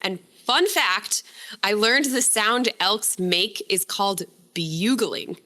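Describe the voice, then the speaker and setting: A woman's voice: medium pitch, slow, pushed and bright. A woman casually explaining a news story in conversation, chatty, often correcting herself and laughing.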